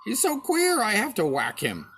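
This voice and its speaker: A man's voice: high-pitched, wildly swooping pitch, normal speed, fairly bright tone, a little hiss or hum, voice pushed up, exaggerated voice. A man voicing a pert, spiteful little male duck who talks in a rude, mocking way.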